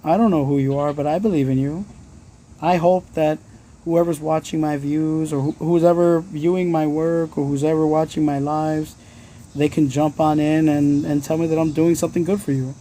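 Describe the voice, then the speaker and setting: A man talks straight to his viewers on a phone livestream, blunt and earnest, dropping the odd swear word. His voice is dark and mellow but sits slightly high. It is casual, heartfelt motivational talk. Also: steady tone, moderate pace, a little hiss or hum. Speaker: livestream host.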